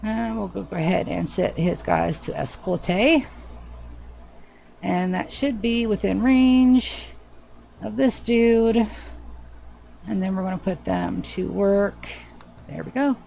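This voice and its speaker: A woman's voice: medium pitch, slow, gravelly, long pauses, mellow, a little hiss or hum. A woman streaming a game live, chatting casually and swearing freely with a self-mocking, sarcastic manner. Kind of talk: casual live gameplay chat.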